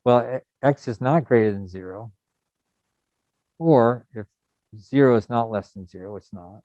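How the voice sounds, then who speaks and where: A middle-aged man from the United States teaching a programming lesson in a relaxed, rambling way with many fillers. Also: mid-range voice, unhurried, no echo. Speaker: programming instructor. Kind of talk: recorded coding lecture. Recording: dull lo-fi sound.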